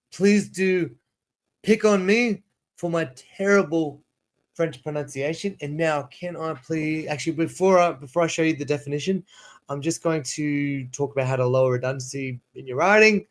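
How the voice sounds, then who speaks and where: A man runs a casual livestream lesson for English learners. His voice sits a little high, and he talks in a chatty, rambling way, restarting sentences and repeating words. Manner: drawn-out word drills. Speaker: ESL teacher.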